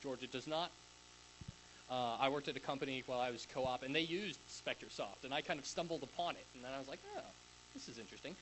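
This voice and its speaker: A man's voice: mid-range voice, quick pace, fairly bright tone, a little hiss or hum, rough recording. A young man giving a casual, rambling talk at a tech conference in front of a live audience, with many fillers and restarts. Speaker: conference speaker.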